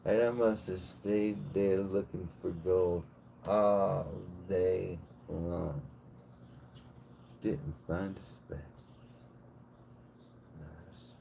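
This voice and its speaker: A man's voice: low voice, takes it slowly, creaky, long pauses, dark tone, slight background noise. A man streaming live, rambling and joking in casual chat and swearing freely.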